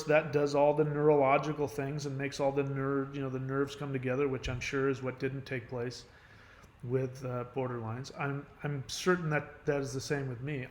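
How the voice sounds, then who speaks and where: Suffering from a headache, a middle-aged man who runs a channel rambles casually through advice, frequently starting his sentences over and leaning on "you know." His medium-pitched voice sounds reverberant.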